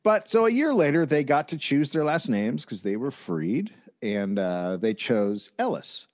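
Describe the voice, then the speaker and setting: A man hosting a comedy history podcast, telling the story in a halting, wry way with dry asides. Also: mid-range voice, sing-song, darkish tone. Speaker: podcast host.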